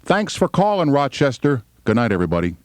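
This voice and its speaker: A man's voice: mid-range voice, sing-song, brisk, a little hiss or hum. A man in his fifties, a talk radio host making casual, wry off-air remarks at a studio microphone. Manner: wry, conversational, gruff asides.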